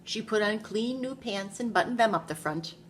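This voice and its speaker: A woman's voice: medium pitch, normal speed, a little hiss or hum. Woman reading a picture book to kids. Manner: animated storytelling, asks the children questions. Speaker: preschool teacher. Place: classroom.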